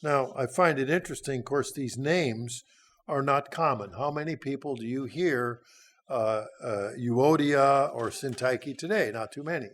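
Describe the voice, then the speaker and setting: A man's voice: medium pitch, measured pace. A man in his sixties giving a sermon, teaching through a Bible passage in a folksy, conversational way with frequent hesitations. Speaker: church speaker.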